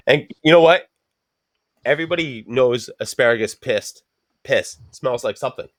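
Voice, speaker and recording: Profane, animated man telling a story. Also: a little high, moderate pace, dry recording, studio quality. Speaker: podcast co-host. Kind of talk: casual chat, storytelling.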